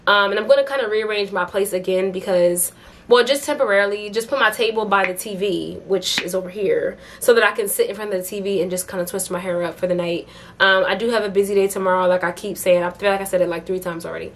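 A woman's voice: mid-range voice, steady tone, quick pace, fairly bright tone. Chatty young woman vlogging to camera. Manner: chatty, upbeat, laughs often, many fillers. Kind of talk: casual vlog chat to camera.

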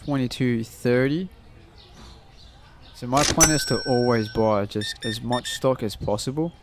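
A man chats his way through a game, cursing freely and muttering sums under his breath as he counts change. His voice sits at an ordinary middle pitch. The recording carries clear background noise. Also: fairly even intonation, a little slow. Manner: swears constantly, mutters prices while counting change. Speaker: gaming channel host. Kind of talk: casual gameplay commentary.

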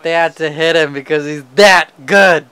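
A young man casually commentating his own football video game match, excitable and quick to swear and yell at the game. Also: fairly high pitch.

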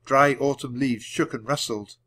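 A man reading a children's book aloud at a clear, measured storytelling pace. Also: medium pitch, steady tone, sharp tone. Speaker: audiobook reader.

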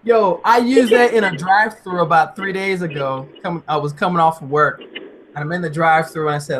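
A man hosting a casual live chat, animated and playful, telling stories and slipping into silly voices. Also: fairly high pitch, fairly quick, background noise. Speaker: host.

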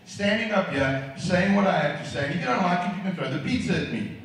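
A man's voice: sits high, expressive, moderate pace, a bit bright, slight background noise. A South African man in his fifties doing a brash, profane stand-up set on a comedy club stage. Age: 50s. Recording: echoey club, voice from far off.

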